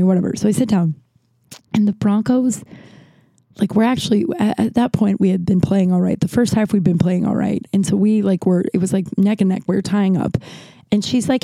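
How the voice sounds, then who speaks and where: A young woman comedian and podcast host telling a rambling story in casual chat, full of fillers, swearing and animated quoting. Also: mid-range voice, fairly quick, dry recording. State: breathing trouble.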